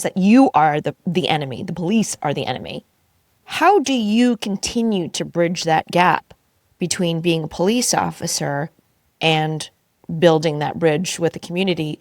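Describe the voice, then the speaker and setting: A woman's voice: lowish voice, no room sound, studio quality. A woman hosting a podcast interview, asking long questions in an earnest, engaged way and backing up her guest with short affirmations. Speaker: podcast host.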